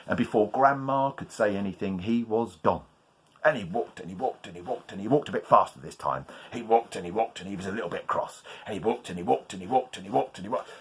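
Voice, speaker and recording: A man telling a folk tale live at a festival, lively and inviting the audience to call out. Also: on the low side, fast talker, husky. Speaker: storyteller. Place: festival tent.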